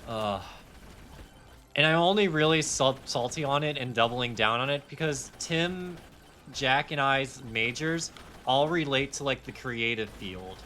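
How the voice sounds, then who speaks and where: A man's voice: mid-range voice, expressive, unhurried, sharp tone, slight background noise. A young man streaming a game live, talking casually in a heated, rambling rant with swearing and self-mocking asides. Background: faint game music.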